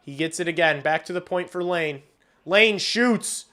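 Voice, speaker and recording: A man streaming a hockey game and calling the play-by-play, excitable and swearing casually, shouting on big plays. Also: high voice, a little slow. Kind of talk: live watch-along hockey commentary.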